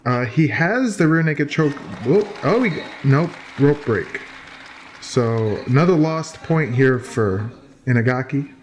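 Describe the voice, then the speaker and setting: A man talks through old fight footage in a loose, joking way, stumbling and restarting his sentences as he goes. His voice sits at an ordinary middle pitch. A faint hiss of noise runs under the recording. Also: animated, slow pace. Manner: chatty, joking, many fillers and restarts. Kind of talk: casual play-by-play commentary.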